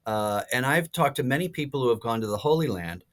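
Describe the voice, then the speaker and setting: A priest in his sixties, a podcast guest, telling stories in a lively way with many fillers and restarts. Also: medium pitch, fast. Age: 60s. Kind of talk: casual podcast interview.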